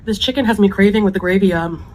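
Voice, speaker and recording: A woman's voice: mid-range voice, fast, darkish tone, slight background noise, poor audio. Woman chatting while eating on camera. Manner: chatty, savoring food. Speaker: mukbang host. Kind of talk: eating-show chat.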